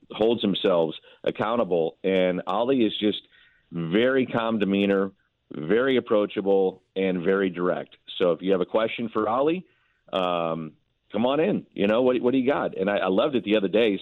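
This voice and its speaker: A man's voice: low-pitched, moderate pace, no room sound. A man who works as a baseball broadcaster, chatting as a guest on a sports radio show in a conversational way. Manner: conversational, lots of fillers and restarts. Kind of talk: casual sports radio chat. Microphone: phone. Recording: tinny dry phone line.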